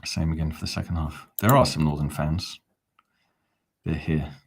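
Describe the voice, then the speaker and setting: A man's voice: very deep voice, fairly even intonation, normal speed, creaky, husky. A man hosting a live fan watch-along, talking in a chatty, rambling, self-mocking way. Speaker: fan channel host.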